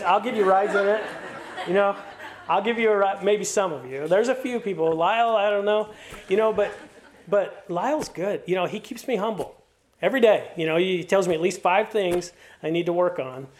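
Male pastor, middle-aged, high pitch; sermon with warm stories and strong calls to finish well. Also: moderate pace. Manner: storytelling with playful asides; earnest, encouraging exhortation.

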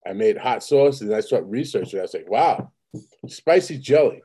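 A man's voice: medium pitch, animated, moderate pace, dark tone, slightly rough. A man telling rambling, profane stories in casual conversation as host. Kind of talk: casual chat.

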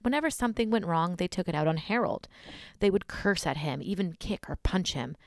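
Woman host, fry-heavy lowish voice, casual scary-story read, dry close mic. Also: expressive, a little fast, no echo. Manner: casual and blunt, swears in asides. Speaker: podcast host.

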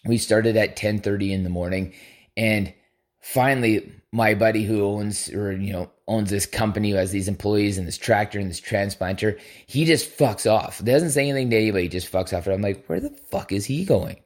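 A man's voice: fairly low pitch, a little fast. A man hosting a podcast, telling a long story in a casual, rambling way, swearing freely and acting out his own thoughts. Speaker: podcast host.

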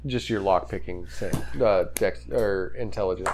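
Male game master, laid-back scene narration, gravelly fry. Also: sits low, unhurried, darkish tone, a little hiss or hum.

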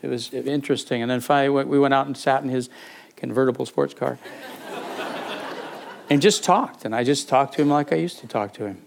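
Telling a personal story during a sermon, this older preacher has a gravelly, mid-range voice, a normal pace and frequent pauses. He's conversational and animated, with restarts, repeated words, fillers and acted-out characters, while some background chatter and a little hiss or hum can be heard.

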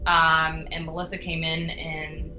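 A woman's voice: deep voice, completely flat delivery, measured pace, bright, forceful tone, echoey room, lo-fi sound, faint music behind. A woman, a paranormal investigator and guest, chatting casually and laughing often. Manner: giggly, chatty. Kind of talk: casual interview chat.

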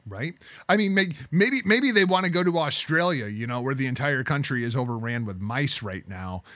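A man hosting a casual podcast, ranting emphatically and cursing. His pitch swings widely from phrase to phrase, and the sound is dry and close. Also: animated, moderate pace, sharp tone, dry recording. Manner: exasperated, emphatic ranting, swears. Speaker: podcast host. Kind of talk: casual chat.

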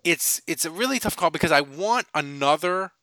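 A man hosting a podcast, chatting casually and joking, with lots of quick restarts. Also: fairly high pitch, no echo. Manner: joking, excitable, many restarts. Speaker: podcast host. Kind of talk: casual chat.

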